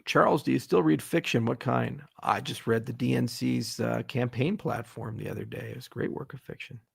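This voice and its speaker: A man's voice: medium pitch, fairly quick, creaky, slightly rough, no echo, studio quality. A middle-aged man hosting a casual livestream Q&A, irreverent and joking, swearing freely as he answers viewer questions.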